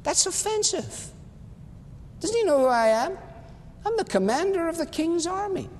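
A proud, enraged commander, as a preacher puts him on, blustering about his rank and scoffing. The voice sits high and rings out with a long reverb, as if spoken across a large hall. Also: big pitch swings, normal speed, darkish tone, a little hiss or hum. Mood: indignant boasting. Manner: indignant, mocking, blustering. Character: proud enraged male army commander, boastful.

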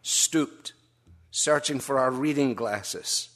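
A man preaching a sermon, wry and storytelling, with gentle humour, dropping soft and low for emphasis. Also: slow pace.

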